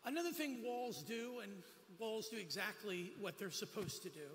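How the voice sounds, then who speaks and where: A man's voice: high voice, very animated, normal speed, fairly bright tone, long reverb tail, a little hiss or hum. A man giving a sermon as a guest preacher at a church, telling personal stories with humorous asides. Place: church sanctuary.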